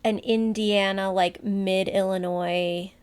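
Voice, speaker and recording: A woman's voice: mid-range voice, steady tone, takes it slowly, clean tone. A young woman co-hosting a podcast in casual chat, talking at length with many fillers and asides. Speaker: podcast co-host.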